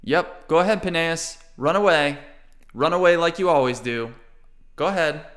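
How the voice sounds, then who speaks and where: A man's voice: a little high, moderate pace, fairly bright tone, faint music behind, voice pushed up, close to an everyday voice. A man voicing a smug young male rogue who taunts and mocks in a raised voice. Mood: taunting. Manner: taunting, mocking.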